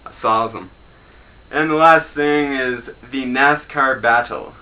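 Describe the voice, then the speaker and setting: A man's voice: medium pitch, slow pace, pushed and bright, rough recording. A young man hosting a homemade news show in a rambling, crude, joking way. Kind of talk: casual mock newscast.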